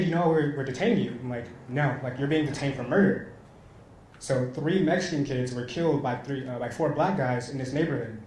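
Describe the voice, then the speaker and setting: A man tells a story during his stand-up set, chuckling at his own lines. His voice sits a little high. The room is echoey, with a faint hiss underneath. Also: darkish tone. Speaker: stand-up comedian. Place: small comedy venue stage.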